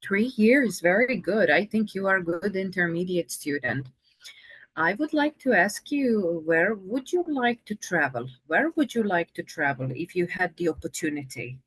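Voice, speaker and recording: A woman's voice: fairly low pitch, expressive, moderate pace, a bit bright, husky, no room sound. A woman teaching English in a video-call conversation lesson, patient and encouraging.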